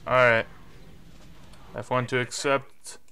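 Young man swearing over a game, slow-spoken. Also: mid-range voice, flat delivery. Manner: swearing, frustrated, yelling in bursts. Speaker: gameplay commentator. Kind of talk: live game commentary. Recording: faint music behind.

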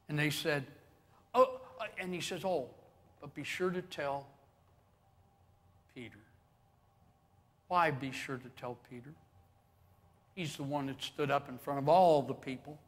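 In a long-reverb church sanctuary, a man with a high-ish, bright, animated voice preaches slowly, pausing often. As pastor, he tells lively stories and performs the quotes with chuckles.

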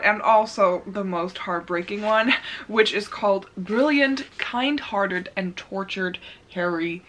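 A woman's voice: mid-range voice, a bit bright, a little hiss or hum. A woman in her early twenties talking casually in a reading vlog, gushing and emotional with frequent laughs. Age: 20s. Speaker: book vlogger.

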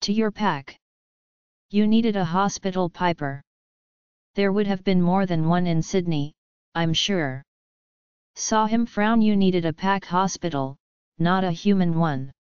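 A woman narrating an audiobook in an even, steady reading voice that changes little between characters. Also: on the low side, unhurried, long pauses, smooth, no echo. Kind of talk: scripted narration. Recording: dull, slightly lo-fi dry recording.

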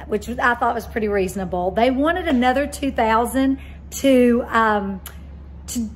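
A middle-aged woman giving an enthusiastic, chatty walkthrough of a house she is renovating, filmed on a handheld phone. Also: a little high. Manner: chatty, enthusiastic, with frequent ums. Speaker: real estate investor vlogger. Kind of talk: casual walkthrough vlog. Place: empty gutted house, indoors. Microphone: handheld phone camera.

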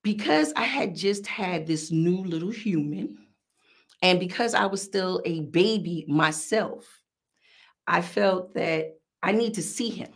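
A middle-aged woman with a New York accent hosts a podcast, telling a story in a casual, animated, profane manner. Her voice sits on the low side and she speaks slowly.

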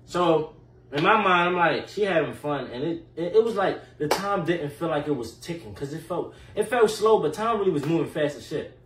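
A man telling a casual storytime in an animated, slangy way full of fillers and profanity. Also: on the high side, normal speed. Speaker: storyteller vlogger. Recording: echoey room, mic at a distance, faint noise.

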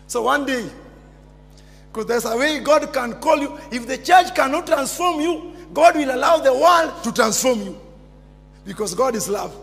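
A man with a Kenyan accent preaching a fiery sermon, jumping from shouts down to near-whispers. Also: very high-pitched, animated, unhurried, vocal fry, soft background music. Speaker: pastor. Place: large church hall. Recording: long church reverb.

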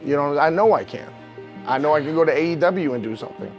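A man's voice: fairly high pitch, animated, fast, darkish tone. A man speaks in a slightly raised register, candid and emotional as he recounts his wrestling career. He rambles and circles back, leaning on "you know what I mean". Faint music plays under the interview. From New York. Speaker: professional wrestler.

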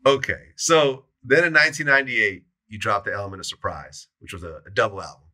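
A man hosting an interview, prompting his guest in a relaxed way and summing up stories. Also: lowish voice, quick pace. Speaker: interviewer, show host. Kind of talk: interview questions.

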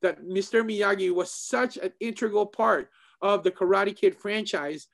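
A man, a martial arts instructor, chatting casually as co-host, animated and excitable, often repeating himself. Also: sits high, unhurried, vocal fry. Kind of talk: casual chat.

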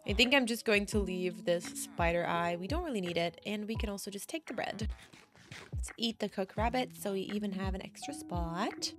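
A woman giving casual, chatty gameplay commentary, easily excited and gasping at new finds. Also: mid-range voice, gravelly. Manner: chatty, excitable, gasps at discoveries. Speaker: Minecraft gaming creator. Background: background music.

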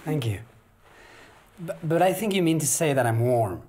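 A man's voice: fairly high pitch, sing-song, normal speed, a little mellow. An actor playing an awkward man stuck in a lift who fills the silence with rambling, nervous chatter. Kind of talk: film drama acting.

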